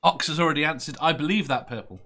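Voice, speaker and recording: Bright higher-voiced guy hosting a quiz chat, laughs a lot, rambly. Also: fast talker. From Merseyside, England. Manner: chuckles often, loose and rambling. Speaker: quiz show host. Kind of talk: casual podcast chat.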